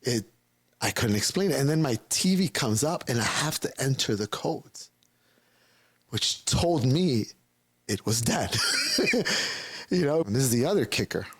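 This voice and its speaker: A man's voice: mid-range voice, slightly rough, no echo. A man being interviewed as a guest, telling a personal testimony in a rambling, casual way and acting out the voices of people he quotes.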